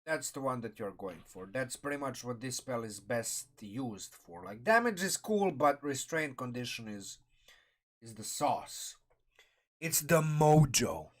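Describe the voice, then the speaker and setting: A man's voice: medium pitch, lively intonation, measured pace, a bit bright. A man casually reviewing a game sourcebook on a live stream, rambling and thinking aloud with restarts, talking through a mouthful of food. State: eating while talking, mouth full.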